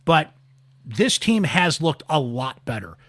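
A man's voice: a little high, sing-song, slow, a bit bright, dry recording. A man hosting a casual postgame sports show, upbeat, reading listener texts and speaking straight to the audience. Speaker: sports podcast host.

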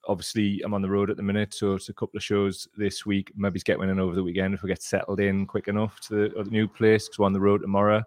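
A man's voice: low voice, flat delivery, quick pace, hardly any pauses, soft background music. A man hosting a casual live-stream chat from a cellar, rambling and jokey. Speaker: show host. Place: temporary cellar room.

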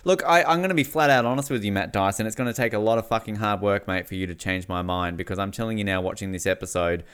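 Male podcast co-host, low smooth voice, blunt and joking. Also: fast talker, hardly any pauses, a bit bright. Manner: blunt, jokey, swears casually. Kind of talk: casual podcast chat.

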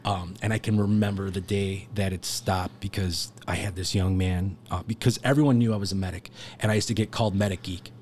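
A man talks loosely through a story, full of filler words and laughs. His voice sits low, and a faint hiss runs underneath. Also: steady tone, fairly quick, few pauses, a little mellow. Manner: rambling, heavy use of filler words; laughs while telling stories. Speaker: podcast guest. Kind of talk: casual storytelling.

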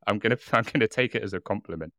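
A man's voice: on the low side, racing, a bit bright, dry recording, studio quality. A man with a British accent co-hosting a podcast, chatting casually and laughing often. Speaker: podcast co-host. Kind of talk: casual chat.

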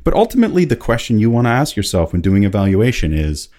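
A man with a very low, deep voice, guesting on a podcast as a consultant. He explains things in a relaxed, self-deprecating way. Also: fast talker. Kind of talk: casual interview chat.

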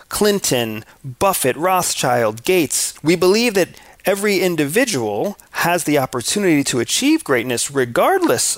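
A man from the United States speaks in a measured lecturing tone, his pitch moving a lot and sitting a little high for a man. His voice has a gravelly edge, and it sounds close and dry with no room echo. He often turns to the listener with rhetorical questions. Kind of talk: scripted talk on culture.

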